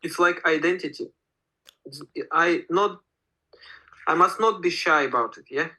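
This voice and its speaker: Hesitant, bright-voiced Russian-accented man. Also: a little high, unhurried, poor audio. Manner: hesitant, searching for words with many fillers. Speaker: English learner.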